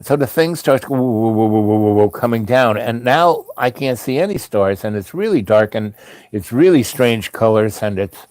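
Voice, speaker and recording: A man's voice: medium pitch, expressive, normal speed, darkish tone, no echo. A man telling a rambling personal anecdote in a chatty way, full of asides. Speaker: storyteller. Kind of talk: casual spoken anecdote.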